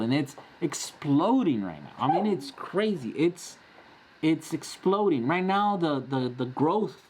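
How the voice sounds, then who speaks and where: A man's voice: mid-range voice, background noise. A man in his forties hosting a casual live-stream Q&A, chatty and rambling, often laughing as he answers. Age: 40s.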